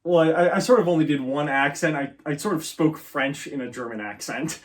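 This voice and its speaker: A man's voice: on the high side, brisk. A young man answering interview questions casually, with many fillers, restarts and easy laughs. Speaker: guest, student performer.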